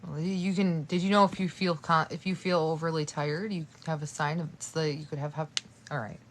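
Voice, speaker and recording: A woman's voice: deep voice, fairly even intonation, a little fast, a little hiss or hum. A sleepy young woman rambling and swearing casually while livestreaming from bed on her phone at night. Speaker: live streamer. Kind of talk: late-night livestream chat. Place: in bed in a bedroom.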